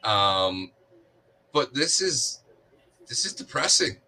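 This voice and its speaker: A man co-hosting a casual sports chat, breaking down plays in a measured way with frequent restarts. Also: medium pitch, very animated, sharp tone. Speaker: sports podcast co-host.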